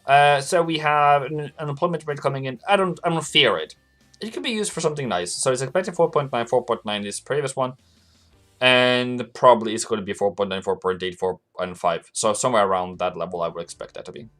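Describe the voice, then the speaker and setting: A man's voice: medium pitch, brisk, fairly bright tone, faint music behind. A man hosting a live forex trading stream, chatting casually with viewers and laughing often as he talks through charts. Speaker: forex trading livestream host.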